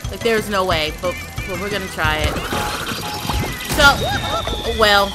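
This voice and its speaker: A woman streaming a platform game, exasperated and often shouting at her failures. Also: mid-range voice, measured pace. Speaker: gameplay streamer. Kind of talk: let's play commentary. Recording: loud game music behind. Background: game music.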